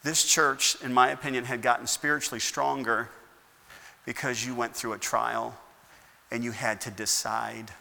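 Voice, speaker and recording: A man's voice: medium pitch, level tone, moderate pace, vocal fry, pushed and bright. A man preaching a sermon as pastor, firing rhetorical questions and rising into emphatic bursts. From United States. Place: church sanctuary. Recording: long church hall reverb.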